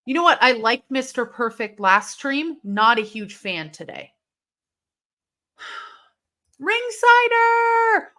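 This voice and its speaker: A young woman hosting a live watch-along stream, reacting aloud to a match with excitable, swearing commentary. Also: a little high, moderate pace, hardly any pauses. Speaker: livestream host.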